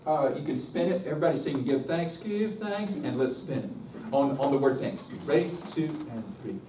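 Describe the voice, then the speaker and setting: A man's voice: mid-range voice, a little fast, mellow, a little hiss or hum. A man leading a live choral workshop, chatty and self-interrupting, breaking off now and then to sing short demonstrations. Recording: roomy distant live room recording.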